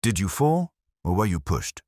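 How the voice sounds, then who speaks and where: A man reading the lines of an aloof, exacting genius detective in a measured, dryly formal way. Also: lowish voice, big pitch swings, a little mellow, no echo, clean studio sound, pitched above the performer's own voice. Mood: cold. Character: stout, aloof male genius detective, older. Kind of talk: audiobook character reading.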